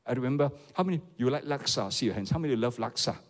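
A man's voice: medium pitch, animated, fast talker, long reverb tail. A man with a Malaysian English accent, a pastor preaching a sermon and often calling on the congregation to respond. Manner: rhetorical, repeatedly asks the audience for replies.

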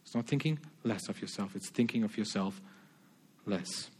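A man's voice: fairly low pitch, moderate pace, darkish tone, husky. A man preaching a sermon, earnest, stammering restarts and repeating his key phrases.

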